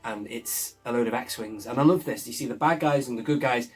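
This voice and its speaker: A man's voice: mid-range voice, a little fast, husky, faint music behind. Enthusiastic man recapping an episode. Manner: enthusiastic, chuckles often while recounting. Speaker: show reviewer.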